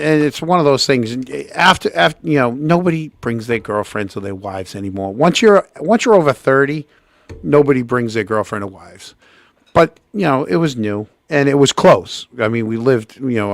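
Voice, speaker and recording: Gravelly man telling a lively story. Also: dry recording. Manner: animated, acts out quotes with big pitch jumps, frequent restarts. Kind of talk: casual anecdote telling.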